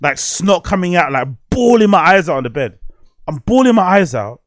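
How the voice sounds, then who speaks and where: A man's voice: high voice, very animated, moderate pace, dry recording, studio quality. A man hosting a podcast, telling a personal story in a rambling, candid way, swearing often. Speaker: podcast host. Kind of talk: casual podcast monologue.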